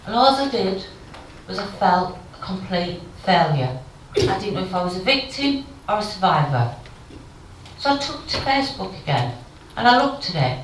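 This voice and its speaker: A woman in her fifties delivers a candid keynote speech, moving between wry jokes and emotion. Her voice sits in a middle pitch and is heard from a distance in a big, very echoey conference hall. A faint murmur of noise sits behind her. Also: fairly bright tone. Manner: frank, emotional storytelling with wry humour. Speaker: keynote speaker. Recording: very echoey hall, far from the mic.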